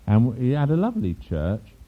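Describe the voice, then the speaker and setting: A man's voice: mid-range voice, brisk, breathy edge. An older man from England preaching a sermon, telling a story with asides and chuckles along the way. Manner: storytelling with asides and laughs, animated. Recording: tinny phone-like sound.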